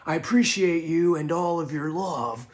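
A man doing a shouty eccentric movie star. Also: fairly high pitch, normal speed, lightly acted. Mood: manic. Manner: theatrical, bursts of shouting.

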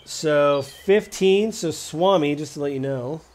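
A man in a fairly high voice narrates a tabletop game as game master. His delivery is casual and rambling, full of fillers and little laughs. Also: slow, a little mellow.

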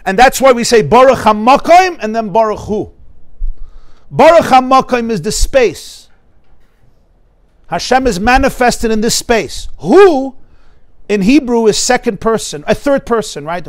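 Rabbi, male, high pitch, animated storyteller who voices the people in his anecdotes and poses rhetorical questions to his class. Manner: animated storytelling, acts out dialogue; explains Hebrew terms with rhetorical questions. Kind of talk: Torah class lecture. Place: study hall in front of a live class.

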